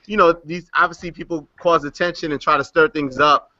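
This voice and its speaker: A man hosting a panel discussion, prodding the others with quick questions. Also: fairly high pitch, fairly even intonation, pushed and bright. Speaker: host. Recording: dry, dull lo-fi sound.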